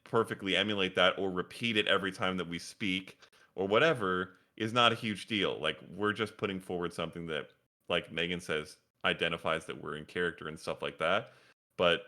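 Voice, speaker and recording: A man's voice: low-pitched, normal speed, pushed and bright. A man reflecting aloud in a casual group chat about roleplaying voices. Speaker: player.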